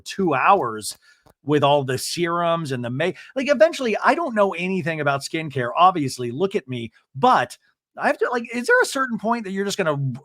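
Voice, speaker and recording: A man hosting a podcast, recapping a reality show in casual, animated chat with jokey asides. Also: fairly high pitch, no room sound, clean studio sound. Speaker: podcast host.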